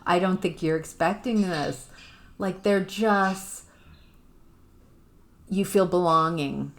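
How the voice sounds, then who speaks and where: A woman giving an intuitive tarot reading to the viewer, musing and halting, with sudden exclamations of surprise. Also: fairly low pitch. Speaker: tarot reader.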